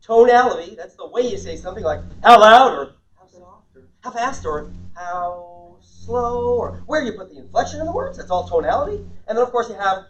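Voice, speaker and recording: A man giving a lively sales seminar, quizzing and engaging a live audience. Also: high-pitched, moderate pace. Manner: energetic, interactive, quizzes the audience. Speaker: sales trainer. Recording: distant, dull lo-fi room recording.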